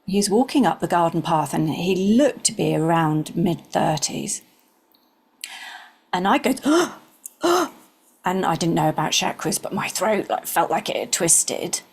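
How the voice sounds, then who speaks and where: A woman in her sixties, an interview guest, earnestly telling a personal story and sometimes dropping into soft whispers. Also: on the low side, lively intonation, a little slow, gravelly, breathy edge.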